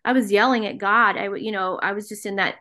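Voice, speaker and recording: A woman's voice: medium pitch, steady tone, fast talker, sharp tone. Middle-aged southern lady, earnest and emotional, telling her own story on a podcast. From American South. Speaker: podcast guest, author. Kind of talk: personal testimony in an interview.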